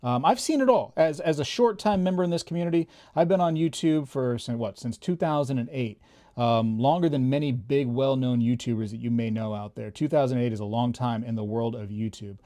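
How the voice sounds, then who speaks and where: Chatty man with a mellow voice. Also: mid-range voice. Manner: chatty, fillers, emphatic warnings. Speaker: YouTube coin and bullion channel host. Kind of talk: casual talk to camera.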